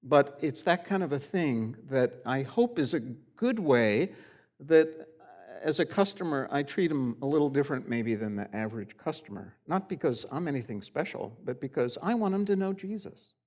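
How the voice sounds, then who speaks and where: A man's voice: medium pitch, sing-song, moderate pace, a little mellow. A middle-aged man preaching a sermon in a church, in a conversational, folksy storytelling way. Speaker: pastor. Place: church sanctuary.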